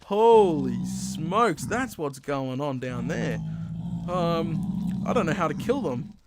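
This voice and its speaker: An Australian man hosts a video, commenting casually and chattily over his own gameplay with an excitable, self-deprecating manner. His voice is a little high and slow, and loud music plays behind it.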